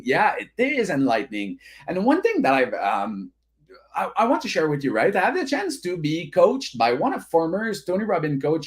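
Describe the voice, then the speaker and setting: A French Canadian man from Quebec hosting an online business summit, energetic and repetitive, peppering his talk with "right?". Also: fairly high pitch. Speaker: summit host. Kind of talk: motivational emcee talk.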